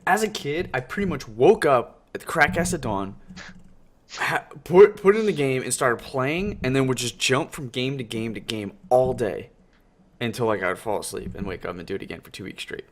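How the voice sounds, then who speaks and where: A man in casual chat with friends over an online call, telling rambling, excited stories about childhood. His voice sits at an ordinary middle pitch. The audio is a low-level call recording. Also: moderate pace. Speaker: podcast co-host. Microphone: online call headset or desk mic.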